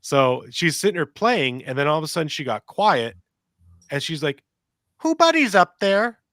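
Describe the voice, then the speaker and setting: A man's voice: a little high, moderate pace, no echo, clean studio sound. A middle-aged man telling long, rambling stories on a podcast and acting out voices and sounds as he goes. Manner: rambling, animated, acts out quotes and sounds. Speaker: podcast co-host. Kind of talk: casual storytelling chat.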